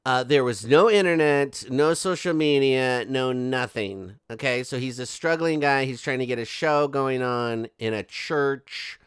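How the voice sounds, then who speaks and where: A man's voice: medium pitch, a little slow, few pauses, clean tone, no room sound, clean studio sound. A man hosting a commentary video, reading quotes aloud and breaking in with sarcastic, mocking asides. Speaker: commentary channel host. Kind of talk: ranting commentary.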